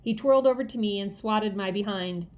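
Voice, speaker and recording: A woman narrating a children's novel aloud in a lively, expressive way. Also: medium pitch, brisk. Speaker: audiobook reader.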